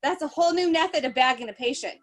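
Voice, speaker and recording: Chatty animated higher-voiced woman. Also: fast, low-quality recording. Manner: animated storyteller, laughs often, many fillers. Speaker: podcast host, holistic travel nurse. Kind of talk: casual chat.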